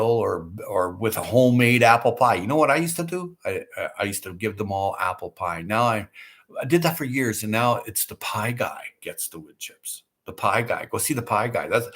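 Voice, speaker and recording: A middle-aged man with a fairly low voice talks through a casual livestream, answering viewers. His delivery is loose and folksy, looping through fillers, repeated starts and asides. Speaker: livestream host. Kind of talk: casual chat reading viewer comments.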